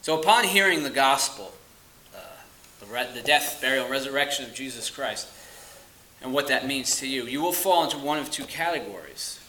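A man preaching a sermon, earnest and emphatic, stressing key phrases slowly and dropping to quiet asides. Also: medium pitch, expressive, roomy sound, poor audio.

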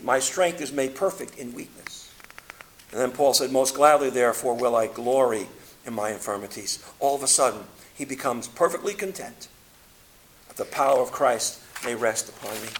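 A man preaching a sermon, reading scripture aloud and swinging between loud emphatic peaks and quiet low passages. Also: normal speed. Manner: reads scripture aloud in King James wording.

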